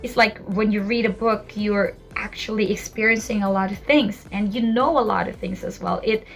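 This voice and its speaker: A woman's voice: mid-range voice, steady tone, normal speed. A young woman from the Philippines teaching an English lesson, explaining patiently with spoken examples.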